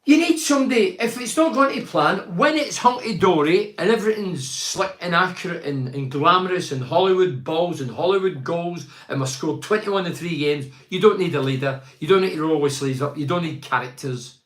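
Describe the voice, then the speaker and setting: A middle-aged man hosting a football podcast, giving forceful opinions and reading out listener comments, repeating himself for emphasis. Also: fairly high pitch, moderate pace, few pauses, echoey room. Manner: emphatic and rhetorical, piles up repeated phrases.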